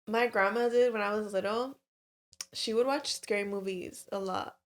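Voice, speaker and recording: A woman's voice: mid-range voice, steady tone, moderate pace. A woman co-hosting a podcast, telling a long story in casual chat with lots of fillers and swearing. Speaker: podcast co-host.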